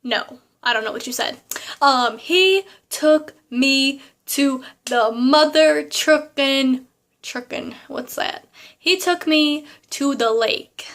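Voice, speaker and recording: A young woman, telling a story to camera in a casual, animated way full of fillers and asides. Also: high-pitched, slow pace. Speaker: vlogger.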